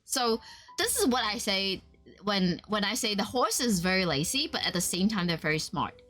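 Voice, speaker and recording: A woman streamer chatting casually while she draws, telling a story in an animated way with frequent laughter. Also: medium pitch, normal speed, soft background music. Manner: animated storytelling, laughs often, voices quotes.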